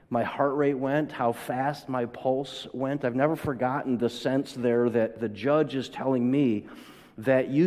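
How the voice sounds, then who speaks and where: A man's voice: medium pitch, a little mellow. A man preaching to a congregation, his voice sitting in a middle register. He tells a personal story, acts out the voices in it, and then builds to emphatic peaks. The sound carries a long reverb from a large hall. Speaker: pastor. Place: church hall.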